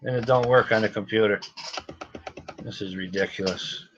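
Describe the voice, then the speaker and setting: A man's voice: on the low side, fairly even intonation, normal speed, a bit bright, a little hiss or hum. A man hosting a casual livestream, talking to viewers in a frustrated, repetitive, muttering way. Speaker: gun shop livestream host. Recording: slightly dull lo-fi sound.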